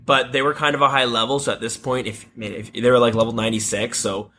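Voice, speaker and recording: A man's voice: mid-range voice, flat delivery, fast talker, bright, forceful tone, slight background noise. A young adult man co-hosting a podcast, telling a rambling story in casual chat, swearing freely and laughing at his own tales. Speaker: podcast co-host.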